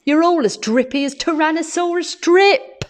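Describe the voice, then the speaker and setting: A woman voicing a gruff, scornful tyrannosaur father in a storybook reading, scoffing and dismissive. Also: very high-pitched, normal speed, voice pushed up.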